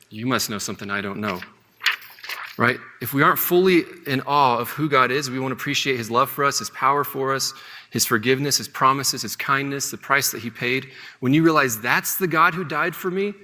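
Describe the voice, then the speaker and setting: Male Bible teacher, bright forceful tone, long hall reverb, conversational delivery. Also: medium pitch. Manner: conversational, often asks "right?". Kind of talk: classroom Bible lesson.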